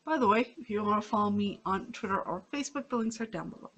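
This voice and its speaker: A woman's voice: mid-range voice, fast talker, lo-fi sound, very noisy. A woman giving a casual anime review on her own channel, rambling with many fillers and restarts, a little sleepy. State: sleepy, yawning.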